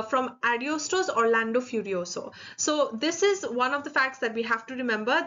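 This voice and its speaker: A woman with a high, bright voice teaches a literature lesson in a patient, explanatory way. She repeats key points and breaks them into small parts, with frequent fillers. The recording sounds a little dull and lo-fi. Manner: reads verse aloud slowly, syllable by syllable. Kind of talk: explanatory online lecture.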